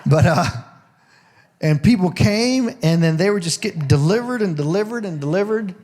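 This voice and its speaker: A man's voice: high voice, expressive, normal speed, darkish tone. Chatty male pastor preaching. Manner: conversational, jokey, laughs often. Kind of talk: sermon. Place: church sanctuary.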